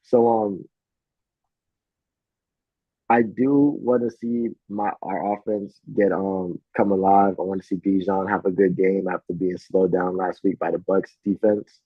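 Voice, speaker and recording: Husky low-voiced man on a tinny line. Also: a little slow, dry recording. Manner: profane, animated storytelling. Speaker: podcast co-host. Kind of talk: casual sports betting chat. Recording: tinny phone-like sound.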